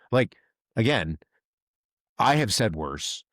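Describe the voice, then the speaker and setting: A man's voice: very deep voice, very slow, slightly rough, no echo, studio quality. A man hosting a podcast, telling stories in casual chat and acting out the voices of people he quotes. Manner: animated storyteller, acts out quoted voices. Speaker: podcast host, veteran.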